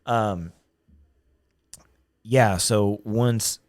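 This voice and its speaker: A man casually chatting and trading a story, animated and quick to laugh. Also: on the low side, no echo. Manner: animated, laughs often, chimes in. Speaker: podcast host. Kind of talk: casual chat.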